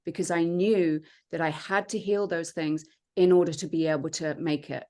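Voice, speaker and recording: A woman, a podcast guest, telling her own story in an earnest, reflective way with many pauses and fillers. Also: fairly low pitch, fairly even intonation, a little mellow. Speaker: podcast guest, transformation coach. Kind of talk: personal storytelling in conversation.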